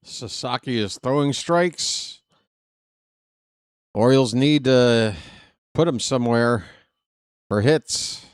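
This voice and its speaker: A man's voice: mid-range voice, slow, long pauses, clear, resonant tone, dry recording, studio quality. A man calling a ballgame play-by-play on a fan live stream, chatty, joking and fussy.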